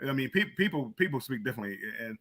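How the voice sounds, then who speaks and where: Older guy, real bright sharp voice, stammers and restarts a lot, casual chat. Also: mid-range voice, sing-song, quick pace. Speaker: co-host. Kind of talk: casual live-stream chat.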